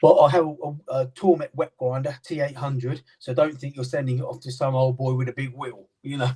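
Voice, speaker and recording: A man's voice: mid-range voice, steady tone, brisk, a little mellow, slightly rough, far from the mic, rough recording. A British man in casual chat, rambling with many fillers and restarts as he explains his knife-sharpening work. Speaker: knife sharpener and maker, guest. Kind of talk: casual chat on a live stream.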